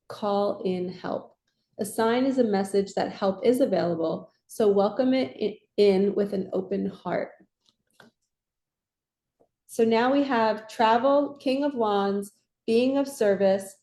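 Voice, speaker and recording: A woman giving a casual spiritual card reading in a soft, reassuring, affirming way. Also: mid-range voice. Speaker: tarot and oracle card reader. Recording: echoey room.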